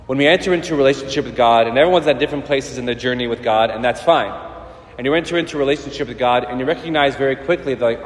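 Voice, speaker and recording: A young male priest giving a casual, joking homily full of stories and filler words. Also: medium pitch. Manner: joking, anecdotal, heavy use of "like". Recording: roomy church with long reverb.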